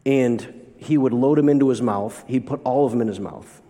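A male pastor delivers a sermon in a mid-pitched voice, and his words ring out with the long reverb of a large hall. He moves between storytelling and rhetorical questions to the congregation. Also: moderate pace, mellow.

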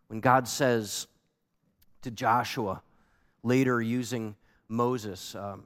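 A man preaching a sermon as a pastor, animated and emphatic, asking the congregation pointed questions. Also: medium pitch, takes it slowly. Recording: long hall reverb.

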